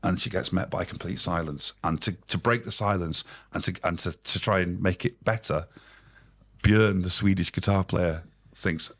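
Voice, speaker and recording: A man's voice: sits low, unhurried. A man, a podcast guest, telling rambling, swearing anecdotes in casual storytelling.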